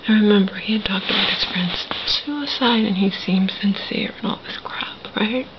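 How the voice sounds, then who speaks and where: A woman vlogger talking in a hushed whisper, bitter and full of profanity, in a personal monologue. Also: medium pitch, normal speed, lo-fi sound.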